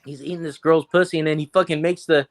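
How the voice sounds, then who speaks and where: A man chatting on a podcast with a somewhat high voice. He rambles through stories, swearing constantly and getting animated as he goes. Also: fast. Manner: profane, rambling, animated storytelling. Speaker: podcast co-host. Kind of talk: casual chat.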